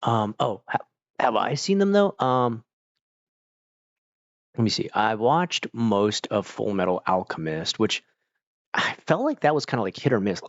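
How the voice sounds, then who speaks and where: A man's voice: fairly low pitch, very animated, unhurried, long pauses, dry recording, muffled recording. A man chatting casually with his stream viewers, rambling with lots of fillers while fighting off hiccups. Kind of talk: casual chat.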